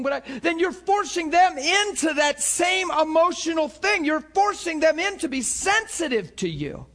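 A man preaching a sermon, moving from shouted cries down to hushed, low passages, often repeating words and restarting. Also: lively intonation, normal speed, few pauses. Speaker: pastor.

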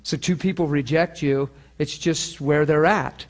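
An earnest male pastor talks to students the way you would talk to friends, moving between personal stories and a closing prayer. His speaking voice sits a little higher than most men's. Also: steady tone, a little slow. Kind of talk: informal sermon ending in a prayer. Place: room with students present, also streamed online.

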